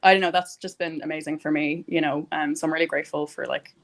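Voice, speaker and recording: Young woman with a low voice, heartfelt casual chat, lots of likes and ums. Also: fairly even intonation, fast. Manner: rambling, heartfelt, many fillers. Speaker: guest. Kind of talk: casual personal conversation.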